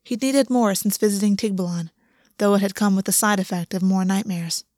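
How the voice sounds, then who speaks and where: A woman reading a story aloud in a soft, even narrating voice. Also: medium pitch, brisk, no room sound, clean studio sound.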